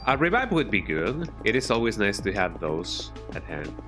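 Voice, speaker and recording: A man's voice: fairly low pitch, big pitch swings, moderate pace. A man chatting casually while streaming a video game, rambling with many restarts. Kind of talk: casual live-stream commentary. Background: game music.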